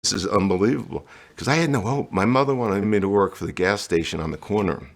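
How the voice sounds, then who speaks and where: A middle-aged man with a low, gravelly voice tells his life story. He speaks candidly and slips into the voices of the people he quotes. He comes from New Jersey. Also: fast talker. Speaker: guest.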